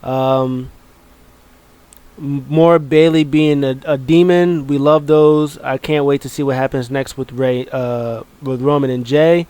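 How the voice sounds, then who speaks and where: A man's voice: mid-range voice, fairly even intonation, unhurried, darkish tone, smooth, no room sound. A man casually recapping a wrestling show, rambling with many ums and uhs and joking along the way.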